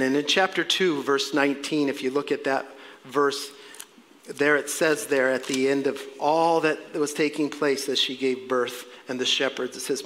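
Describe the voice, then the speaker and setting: A man preaching a sermon as pastor, swinging from loud exclamations to quiet, earnest appeals to the congregation. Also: mid-range voice, fairly even intonation, moderate pace. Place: church sanctuary. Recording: long reverb of a church hall.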